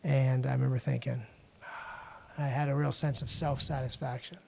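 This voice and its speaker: A middle-aged man from the United States, a podcast guest telling a personal story in a halting way, with frequent restarts and fillers. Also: medium pitch, level tone, creaky, a bit bright, a little hiss or hum. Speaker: podcast guest, international lawyer.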